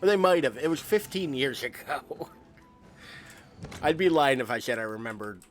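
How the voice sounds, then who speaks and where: A man's voice: medium pitch, expressive, a little slow, soft background music. A young man from the United States giving rambling, self-mocking commentary while he streams a game. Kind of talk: casual gameplay commentary.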